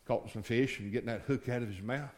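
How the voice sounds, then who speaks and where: A middle-aged male pastor preaching a sermon in a church, folksy, moving between quiet storytelling and shouted climaxes. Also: medium pitch, fast.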